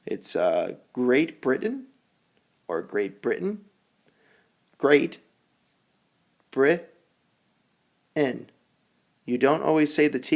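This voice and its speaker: A man teaching English vocabulary, leading a call-and-repeat drill with slow, exaggerated enunciation. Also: mid-range voice. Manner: animated, sing-song teacher delivery. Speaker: ESL teacher.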